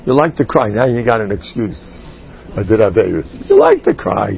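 A man, a rabbi and teacher, giving a humorous inspirational talk to a group, animated and jumping into character voices. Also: fairly low pitch, normal speed, vocal fry, highs cut off, slight background noise.

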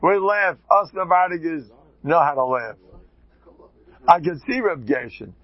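A man, a rabbi, giving an informal talk to a group, an animated, joking storyteller who sprinkles in Yiddish and Hebrew terms. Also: fairly high pitch, a little slow, dry recording, highs cut off.

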